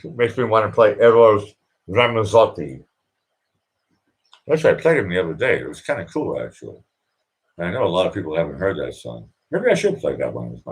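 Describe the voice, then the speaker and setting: This middle-aged man from Boston runs a casual live stream, talking a little fast in a husky, low voice with big pitch swings. He rambles, restarting sentences and repeating words as he goes.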